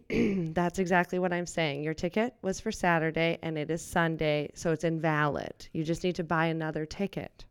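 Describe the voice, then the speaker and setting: A woman's voice: deep voice, fairly even intonation, normal speed, clean tone. A woman improvising as a nervous but officious young movie theater worker in a comedy scene. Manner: nervous, then firm and officious.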